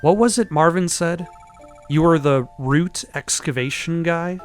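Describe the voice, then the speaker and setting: A man's voice: fairly high pitch, unhurried, smooth, faint music behind, natural voice. A man voicing a determined young woman investigator in a video game, in his own voice, pressing with questions. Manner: persistent, questioning.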